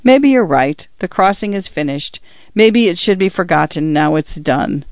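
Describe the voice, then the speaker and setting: Old pioneer grandfather, gentle, tired, slow, read by a man, dry and muffled. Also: sits high, lively intonation, vocal fry, dry recording. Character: proud old male pioneer, gentle and hurt.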